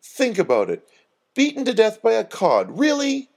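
A man's voice: high voice, huge pitch swings, normal speed, gravelly, pitched above the performer's own voice, full character voice. Man doing a fiery young woman, Doreen. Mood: furious. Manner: sharp, emphatic outbursts. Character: young woman heroine, quick-tempered and fierce.

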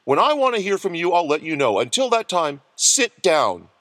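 A man's voice: fairly high pitch, sing-song, normal speed, fairly bright tone, no echo, pitched above the performer's own voice. Man reading as a blunt, commanding middle-aged nurse in a storybook, raised voice, dry close sound. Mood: stern. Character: bossy, scolding middle-aged female nurse.

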